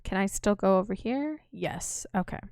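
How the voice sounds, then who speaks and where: A woman's voice: mid-range voice, animated, moderate pace, vocal fry, a little mellow, dry recording, studio quality. A woman hosting a let's play, chatting through the game in a wry, casual way. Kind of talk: casual gameplay commentary.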